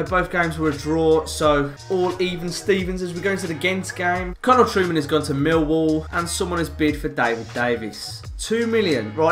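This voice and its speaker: Young Birmingham-accented gaming host, bright raised pitch, casual commentary. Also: male voice. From England. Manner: chatty, excitable, shouts at goals. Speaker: gaming YouTuber. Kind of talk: gameplay commentary. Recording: roomy with game music behind.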